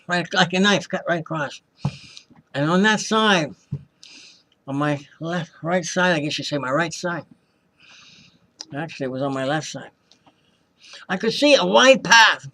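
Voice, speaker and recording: Older man, fairly high voice, earnest testimony delivery with rambling restarts. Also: a bit bright. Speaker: testimony speaker. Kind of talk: religious personal testimony.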